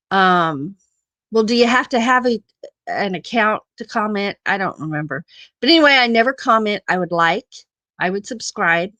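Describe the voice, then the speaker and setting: Woman hosting a live chat, slow, laughing, dry close sound. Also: mid-range voice, pushed and bright, dry recording. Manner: laughs often, repeats phrases, affectionate. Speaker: host of a live-stream chat. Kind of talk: casual live-stream chat reading comments.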